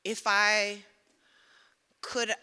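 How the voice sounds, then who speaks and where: Very bright-voiced woman hosting a poetry night. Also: medium pitch, little pitch movement, extremely slow, clean tone. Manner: emotional, chatty, restarting her sentences. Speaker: event host. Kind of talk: casual stage hosting. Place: live stage at a museum event.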